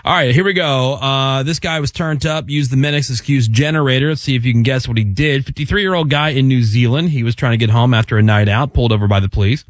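A middle-aged man hosting a casual radio talk show, telling stories with lively, acted-out voices. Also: mid-range voice, fast talker, hardly any pauses, dry recording. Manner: animated storyteller, acts out voices in anecdotes.

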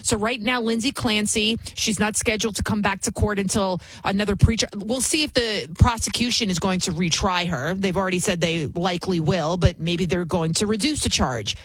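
Indignant woman host with a husky voice. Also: mid-range voice, moderate pace, few pauses, no echo, rough recording. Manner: indignant, emphatic, repeats phrases. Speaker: show host. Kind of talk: opinionated commentary.

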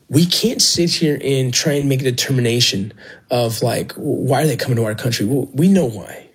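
A man's voice: medium pitch, moderate pace, breathy edge, low-quality recording. A man, a former Border Patrol agent and medic, earnestly telling his own story with feeling. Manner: earnest, emotional, with restarts. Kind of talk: personal storytelling.

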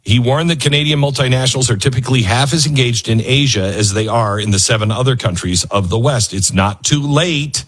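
A man's voice: mid-range voice, a little fast, hardly any pauses, fairly bright tone, husky. A man hosting a casual political commentary show, sarcastic and mocking in tone. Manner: sarcastic, mocking, breaks into put-on voices and laughs. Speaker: show host.

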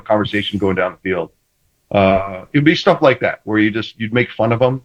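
A man and former quarterback telling stories in casual sports talk, animated, acting out the banter he quotes, with many restarts. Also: fairly low pitch, fairly quick, muffled recording.

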